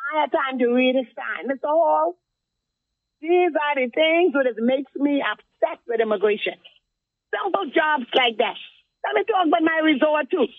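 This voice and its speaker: A male caller tells a rambling, heated story. His voice sits high and dry. It comes through a tinny, phone-like line. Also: no echo. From Turks and Caicos Islands. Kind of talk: call-in radio complaint.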